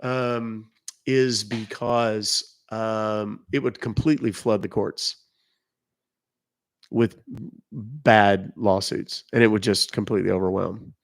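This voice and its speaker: A man's voice: fairly low pitch, fairly even intonation, takes it slowly. A man hosting a live stream, chatting casually with viewers, reading out their comments and explaining phone and email rules. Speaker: livestream host.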